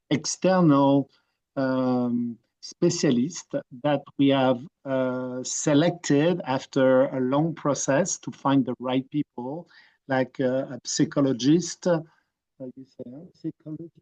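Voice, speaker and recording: French-accented man presenting over a video call, slow and hesitant, dull lo-fi sound. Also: mid-range voice, darkish tone. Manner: hesitant, many fillers and restarts. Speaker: program presenter. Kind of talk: online presentation.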